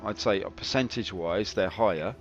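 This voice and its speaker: Here a man comments live on his own game in a lowish voice at a fairly quick clip, sounding chatty, wry, and self-deprecating. The stream recording is slightly dull, with game music faintly audible.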